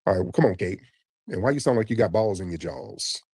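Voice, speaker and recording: Host: man, lowish voice, blunt and mocking with callers, dry close sound. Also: lively intonation, fast, darkish tone, slightly rough, dry recording. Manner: blunt, teasing, bossy with callers. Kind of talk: live call-in show.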